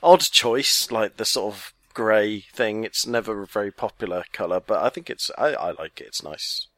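Chatty man, low dry voice. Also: moderate pace, fairly bright tone, no echo. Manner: chatty, jokey, rambling. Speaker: podcast co-host. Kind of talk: casual chat.

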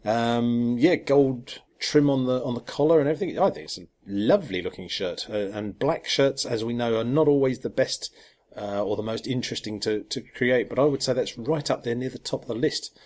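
A man co-hosting a casual podcast, talking with lots of ums, restarts and soft chuckles. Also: mid-range voice, moderate pace. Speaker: podcast co-host. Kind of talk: casual chat about football kits.

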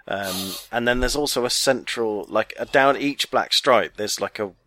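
A man's voice: mid-range voice, normal speed, bright, forceful tone, dry recording. A man co-hosting a podcast, chatty and jokey, rambling as he goes. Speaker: podcast co-host. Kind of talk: casual chat.

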